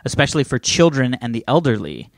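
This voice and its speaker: Podcast guy co-hosting, laughing a lot, lively swoopy voice, dry close sound. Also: mid-range voice, quick pace, no echo. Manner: laughs while telling stories, animated and rambling. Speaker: podcast co-host. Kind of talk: casual chat.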